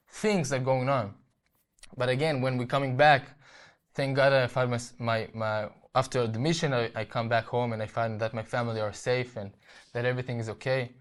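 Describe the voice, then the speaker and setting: Earnest Israeli man telling his story. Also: medium pitch. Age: young adult. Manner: earnest, halting, with frequent restarts and repeated words. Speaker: interview guest. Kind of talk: personal testimony in an interview.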